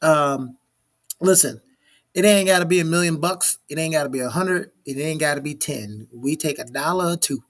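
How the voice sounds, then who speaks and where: A man's voice: on the high side, moderate pace. A man in his forties from Miami, Florida, hosting a live talk show and telling stories with acted-out dialogue. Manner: animated storyteller, acts out the dialogue. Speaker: show host. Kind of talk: casual chat on a live show.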